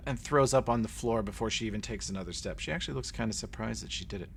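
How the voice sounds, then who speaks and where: A man's voice: lowish voice, very fast, vocal fry, a little hiss or hum. A man running a tabletop game as game master, narrating scenes vividly and acting out sounds. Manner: vivid, acts out sounds and voices.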